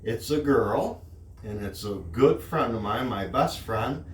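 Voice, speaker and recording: A man hosting a children's storytime, gentle and friendly, chatting with his guest. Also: mid-range voice, expressive, slow pace. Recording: roomy, distant mic with faint background.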